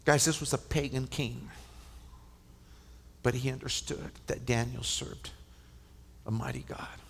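Male preacher, sermon, impassioned, hushed whispers, gravelly voice, long hall reverb. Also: medium pitch, steady tone, unhurried, a little hiss or hum. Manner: impassioned, frequent stammered restarts, drops to hushed whispers. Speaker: preacher at a men's conference. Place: large conference hall.

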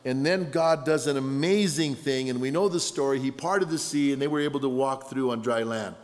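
A middle-aged man preaching a sermon as a pastor, telling stories in an animated way. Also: medium pitch, moderate pace. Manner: storytelling, animated with shouted punchlines. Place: large conference hall. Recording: long hall reverb.

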